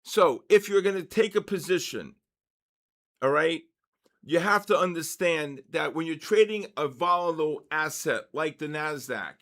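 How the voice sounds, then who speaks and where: A man's voice: on the high side, fairly bright tone. A man in his sixties hosting a live trading session, lecturing emphatically and driving points home with repeated "okay?" and "all right?".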